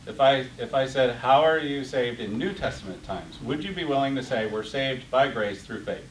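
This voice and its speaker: Animated and moderately paced, a middle-aged man with a mid-range voice runs an interactive Bible class, growing passionate, worked up, and repetitive with his words. The audio is roomy and distant, with a faint hiss underneath.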